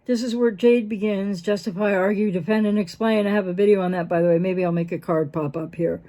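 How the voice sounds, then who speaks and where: A woman who is a mental health professional, talking unscripted as a channel host, animated and rambling, with fillers and frequent self-interruptions. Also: fairly quick. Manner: animated, acts out quoted dialogue with big pitch jumps. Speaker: host of a breakup recovery channel. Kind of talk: unscripted talking-head explainer.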